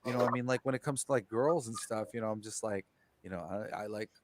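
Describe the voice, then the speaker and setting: A man's voice: mid-range voice, steady tone, fast talker. A man co-hosting a casual talk show, talking in a loose, rambling way full of fillers. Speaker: podcast co-host. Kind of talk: casual conversation.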